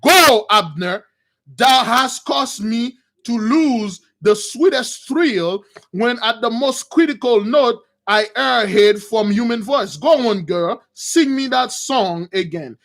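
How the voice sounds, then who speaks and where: A man's voice: very high-pitched, expressive, takes it slowly, a bit bright, heavily acted. A man voicing a lazy, pleasure-loving young king who talks in a dismissive, slangy drawl.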